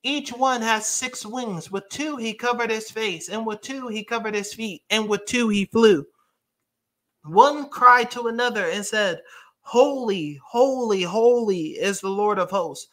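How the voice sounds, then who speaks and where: A man's voice: sits high, unhurried, a bit bright. A man preaching a sermon, reading scripture aloud emphatically and breaking into casual asides to his congregation.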